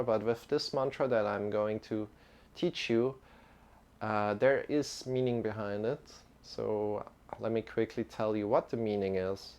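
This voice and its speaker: A man leading a live-streamed yoga lesson, calm and halting, with many restarts. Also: mid-range voice, clean tone. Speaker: yoga teacher.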